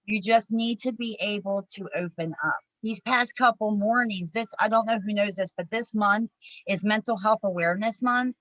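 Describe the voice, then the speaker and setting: A woman's voice: medium pitch, moderate pace, a bit bright, no room sound, low-quality recording. Encouraging woman co-hosting a video call. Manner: encouraging, upbeat. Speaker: co-host of a morning video call. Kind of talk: casual motivational chat.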